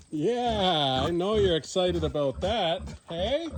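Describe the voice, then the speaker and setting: Man, farm vlogger, cooing pet talk, fairly high voice, unhurried, outdoors by a barn. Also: sing-song, background noise. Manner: coos at the cats in a lilting pet-talk voice. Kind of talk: casual talk to farm animals.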